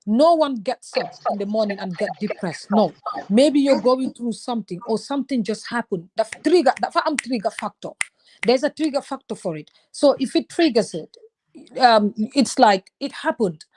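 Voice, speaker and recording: Casting: woman, 30s, casual chat, lively and talkative, voice a touch high. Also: normal speed, slight background noise. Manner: animated, switches into Wolof phrases. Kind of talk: casual conversation.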